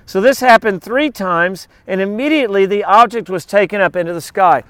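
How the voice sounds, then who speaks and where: A middle-aged man preaching a sermon, reading scripture aloud and breaking into animated, joking asides. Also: high voice, brisk, no echo. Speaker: pastor.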